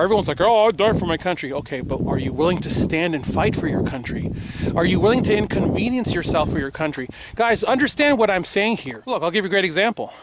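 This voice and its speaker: A middle-aged man delivering an impassioned political monologue to his viewers outdoors, swinging from shouting to hushed apologies. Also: on the high side. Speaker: firearms accessory maker and vlogger.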